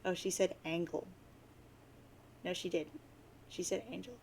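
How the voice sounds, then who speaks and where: Femme espiègle qui lit à voix haute. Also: female voice, on the low side, flat delivery, fairly quick, creaky, darkish tone, breathy edge. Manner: playful, jokey asides. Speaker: webcomic reader. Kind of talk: reading aloud with commentary.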